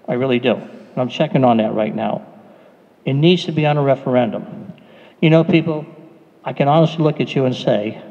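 An earnest man pleads his case at a public meeting. His mellow voice echoes through a hall, in a dull, muffled recording. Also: medium pitch. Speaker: resident speaking at a public meeting. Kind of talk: impassioned public comment.

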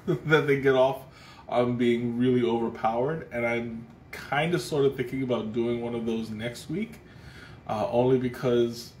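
Casting: easygoing male stream host, mid pitch, talks in loose rambling restarts, echoey room with faint hiss. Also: unhurried. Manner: rambling, thoughtful, frequent restarts and fillers. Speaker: livestream tea taster. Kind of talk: casual live tasting chat. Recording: roomy echo, faint background noise.

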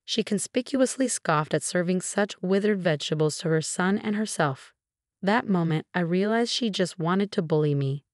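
A woman in her forties narrating her own story in an even, measured first-person reading. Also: fairly low pitch, no room sound, clean studio sound. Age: 40s.

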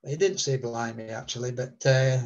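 A man's voice: mid-range voice, moderate pace, gravelly, darkish tone, dull audio. A man, a guest telling a long story in a rambling way with many fillers. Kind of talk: relaxed storytelling.

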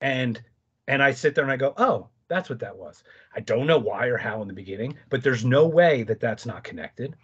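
A man telling stories as a podcast guest in casual conversation, animated, with quick asides and restarts. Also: mid-range voice, breathy edge, lo-fi sound.

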